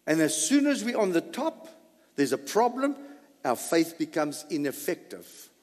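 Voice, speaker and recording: Animated preacher man, slow and echoing. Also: a little high. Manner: dramatic, swings between loud emphasis and soft asides. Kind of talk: sermon. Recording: long hall reverb.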